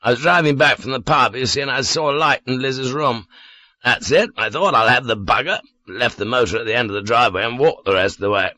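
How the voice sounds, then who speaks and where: A man doing a drunken, lonely man in an audiobook, pitched noticeably higher than the plain reading voice. His speech comes out slurred and grudging, heavy with suspicion, and the close, dry recording keeps every word near. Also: fairly quick, sharp tone, no room sound, natural voice. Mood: suspicious. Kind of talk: audiobook character voice.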